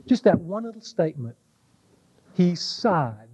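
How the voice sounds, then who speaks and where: A man preaching a sermon, slow and weighty, dropping to a hush on key words. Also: high-pitched, sing-song, husky, low-quality recording. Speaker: pastor.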